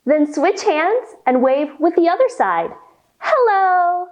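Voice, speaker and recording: Woman leading a children's yoga storytime; high, bouncy voice, unhurried and playful. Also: very animated, a little mellow. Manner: slow, playful sing-song instructions to children. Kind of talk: guiding a kids' yoga storytime.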